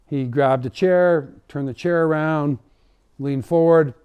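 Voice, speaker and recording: A man from Canada, a humanitarian volunteer, recounting a personal story in a halting, reflective way, with many fillers and restarts. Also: a little high, clean tone, narrow, tinny audio.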